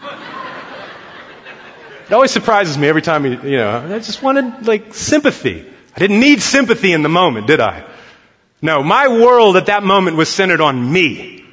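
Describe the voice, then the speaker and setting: A man's voice: high voice, very animated, moderate pace, fairly bright tone, slightly rough. A man in his thirties preaching a sermon as a pastor, earnest and conversational, prompting the congregation to answer. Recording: dull, long-reverb hall sound.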